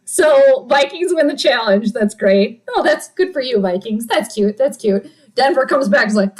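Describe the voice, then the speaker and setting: A woman's voice: fairly high pitch, animated, moderate pace, a little mellow, low-quality recording. A woman hosting a casual live stream, calling a football game with playful, chatty commentary and reading her viewers' messages aloud.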